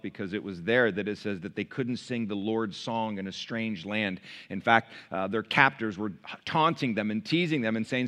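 A man's voice: lowish voice, fairly bright tone. A man, a pastor, preaching a sermon and reading scripture, building emphasis through repeated phrases. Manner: preaching with rising emphasis and repetition.

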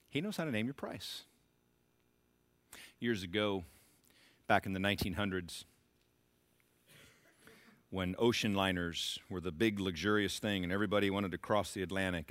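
A man preaching a sermon as pastor, emphatic and repetitive, rising to shouted bursts. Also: low-pitched, no echo.

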